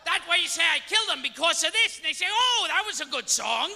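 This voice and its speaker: A man doing a stand-up comedy set, shouting his lines in sudden loud bursts with a gravelly edge. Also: extremely high pitch, sing-song, fast talker. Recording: archive stand-up clip, echoey hall, background noise.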